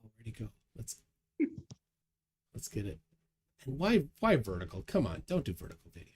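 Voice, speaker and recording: A man hosts a casual livestream, reading viewer comments aloud and chuckling along. His pitch swings widely as he talks, at a middle register. A faint hiss of noise sits under the voice. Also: moderate pace. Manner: lively, chuckling, reads chat aloud. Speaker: livestream host.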